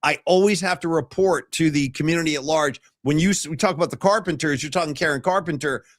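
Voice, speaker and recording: A man in his fifties hosting a sports talk podcast, telling stories in a casual, animated way. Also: fairly high pitch, quick pace, dry recording, clean studio sound. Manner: animated storyteller, mimics guests. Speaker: podcast host.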